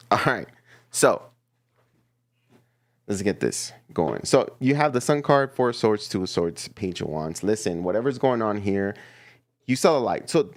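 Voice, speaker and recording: A man giving a casual, playful tarot reading to his viewers, chatty and quick to laugh. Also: lowish voice, no room sound. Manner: chatty and playful, laughs often, repeats himself. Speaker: tarot reader.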